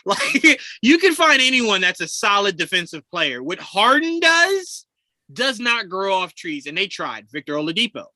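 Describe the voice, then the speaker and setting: A man co-hosting a casual sports podcast over a video call, animated and swearing, laughing as he acts out quotes. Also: sits high, a little slow, no echo. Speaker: podcast co-host.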